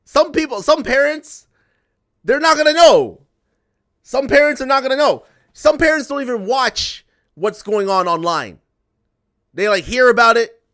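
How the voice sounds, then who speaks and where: A man's voice: very high voice, moderate pace, a bit bright. A young man streaming and chatting to viewers, ranting in an exasperated way, repeating himself and swearing. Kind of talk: ranting casual chat to viewers.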